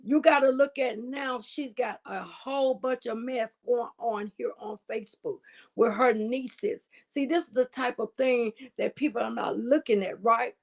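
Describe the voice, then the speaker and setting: A woman's voice: on the high side, measured pace, vocal fry. A woman hosting commentary on a livestream, emphatic and preachy, often asking "right?". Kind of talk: casual commentary.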